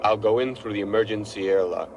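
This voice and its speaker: A man's voice: fairly low pitch, quick pace, highs cut off, natural voice. An actor playing a tense male astronaut in an old film clip. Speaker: film character. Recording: hissy old film soundtrack.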